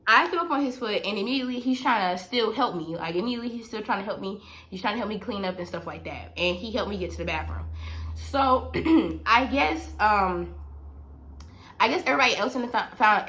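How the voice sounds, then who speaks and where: A woman's voice: fairly high pitch, bright, forceful tone. Woman telling a storytime vlog. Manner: emphatic, repetitive, talks straight to viewers. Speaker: vlogger.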